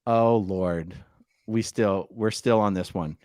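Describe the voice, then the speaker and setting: A middle-aged man co-hosting a casual live stream, chatty and animated, reading viewer comments aloud. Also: lowish voice, takes it slowly, dry recording, studio quality.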